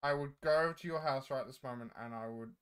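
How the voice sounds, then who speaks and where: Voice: mid-range voice, fast, a bit bright, clean tone. A gamer hosting a casual chat over a voice call while playing, teasing friends with playful banter.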